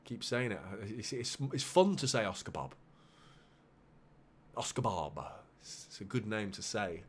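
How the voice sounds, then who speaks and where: A man hosting a live football watchalong, calling the play with bursts of excitement and muttered asides. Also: on the low side, moderate pace, slight background noise. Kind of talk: live match commentary for a fan watchalong.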